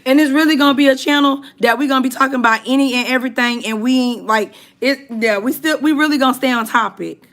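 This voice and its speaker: A woman's voice: high-pitched, quick pace, few pauses, a bit bright. A woman hosting a livestream, chatting casually with viewers and reading out their comments in a chatty, emphatic way. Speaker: livestream host.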